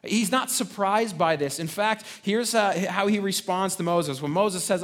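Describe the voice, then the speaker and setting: A man with a fairly high speaking voice preaches a sermon in a loose, conversational way. He restarts his phrases often and checks in with the congregation through tag questions. His delivery rises to loud, emphatic points and then drops away quietly. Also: normal speed, hardly any pauses. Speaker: pastor.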